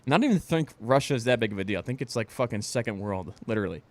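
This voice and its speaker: Talking very fast with lively intonation, a mid-range-voiced man co-hosts a casual podcast, launching into profane rants and laughing frequently.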